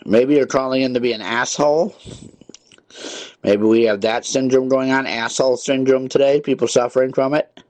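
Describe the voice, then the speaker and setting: A man's voice: medium pitch, steady tone, moderate pace, a little mellow, dry recording. A male call-in radio host scolding prank callers in an irritated, repetitive way. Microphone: studio mic with headphones.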